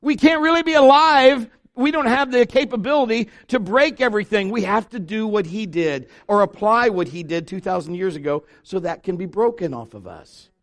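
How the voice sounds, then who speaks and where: A man's voice: sits high, lively intonation, normal speed, hardly any pauses. A middle-aged man preaching a sermon in church, conversational and joking, with asides to the congregation. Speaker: pastor. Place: church sanctuary.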